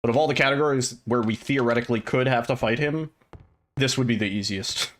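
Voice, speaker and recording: A man's voice: medium pitch, fairly quick. A man chatting casually and rambling while streaming a game, now and then swearing at it. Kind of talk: casual gameplay chat.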